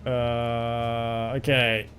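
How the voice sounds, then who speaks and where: Soft music plays behind this young man from Britain as he flies a simulator and chats loosely with his live viewers, laughing a lot. He speaks in a mid-range monotone, very slowly, with a fairly bright tone.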